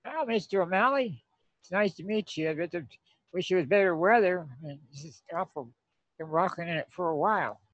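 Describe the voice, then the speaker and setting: A man's voice: sits high, animated, brisk, fairly bright tone, no room sound. A man voicing a young, London-born boy laborer who is cold and polite, rambling a little, in a tabletop game. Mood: polite, chilled. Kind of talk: tabletop role-play voicing. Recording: dull lo-fi mic.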